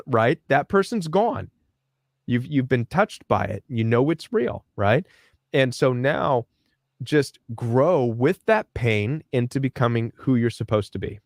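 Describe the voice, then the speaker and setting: A man's voice: mid-range voice, expressive, slow, no room sound, clean studio sound. A man speaking as a life coach guest on a podcast, telling a personal story and acting out the dialogue in it.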